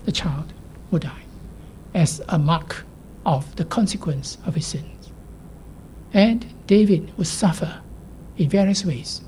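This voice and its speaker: Low, mellow-voiced woman preaching. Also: takes it slowly, pauses often, a little hiss or hum. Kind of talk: sermon.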